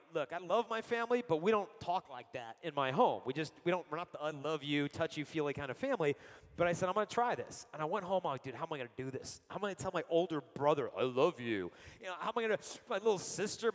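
A man's voice: fairly high pitch, big-room sound. A middle-aged man giving a sermon full of personal stories, acting out the quotes he tells. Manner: animated storyteller, acts out quotes. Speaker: speaker giving a Catholic talk.

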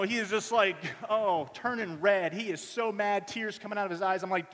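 A man in his thirties preaching a sermon, telling family stories in an animated way and acting out everyone's voices. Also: high voice, moderate pace, few pauses. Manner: animated storytelling, acts out voices of family members. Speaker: pastor. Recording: long reverb of a large hall.

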